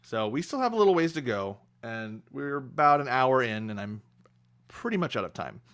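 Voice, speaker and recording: A young adult man talking casually on a livestream about the book he is reading, pausing often with fillers and restarts. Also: mid-range voice, sing-song, fairly bright tone, clean tone. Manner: hesitant, many fillers and restarts. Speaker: streamer reading a book aloud.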